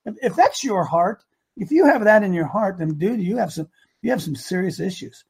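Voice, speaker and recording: An older man hosting a radio talk show, preaching with rising passion and at times shouting. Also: sits high, animated, moderate pace, creaky, husky.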